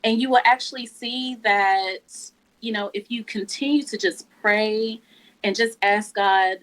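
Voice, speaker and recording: A woman's voice: medium pitch, unhurried, fairly bright tone, poor audio. A woman guest giving a heartfelt personal testimony, emotional and often laughing.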